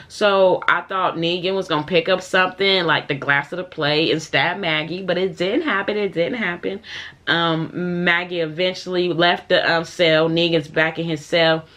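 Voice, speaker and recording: A woman giving a casual recap of a TV episode, animated and full of fillers, acting out the characters' lines. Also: lowish voice, a little slow. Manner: animated, many fillers, acts out quoted lines. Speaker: TV episode reviewer.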